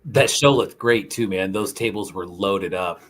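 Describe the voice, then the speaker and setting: A man's voice: sits low, measured pace, fairly bright tone. A man co-hosting a toy podcast, talking in an easygoing, hesitant way full of fillers. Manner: easygoing, hesitant, lots of "um" and "dude". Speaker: podcast co-host. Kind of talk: casual toy-collector chat.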